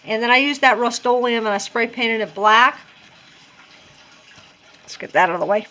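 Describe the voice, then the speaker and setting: A chatty woman with a drawl walks through a home craft project, thinking out loud as she goes. Her voice sits a little high, and she laughs at her own mistakes. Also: moderate pace. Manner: chatty, self-deprecating, thinks aloud. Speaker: crafting vlogger. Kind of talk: casual craft tutorial.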